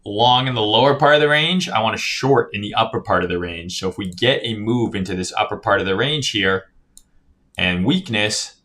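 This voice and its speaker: Guy going over crypto charts on stream, lowish voice but bright, swears a lot, keeps saying right. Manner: casual, profane, reads chat aloud, says "right?" often. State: yawning, tired. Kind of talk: casual chart analysis livestream.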